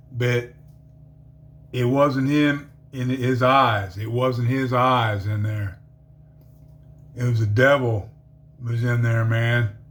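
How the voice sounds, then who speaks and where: A man's voice: medium pitch, a bit bright. A man who is an ex-convict telling his conversion story in a casual, rambling way full of fillers. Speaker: ex-convict giving a conversion testimony.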